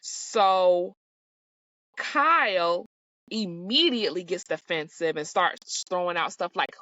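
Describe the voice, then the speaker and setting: A woman's voice: lowish voice, a little slow, fairly bright tone, dry recording. Woman host, sassy casual recapper, blunt and profane, dry and slightly muffled recording.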